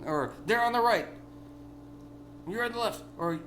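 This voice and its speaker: A tipsy man delivering a rambling, profane vlog rant that bursts into yelling. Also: high-pitched, expressive, moderate pace, noisy background. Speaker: vlogger. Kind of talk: ranting vlog monologue.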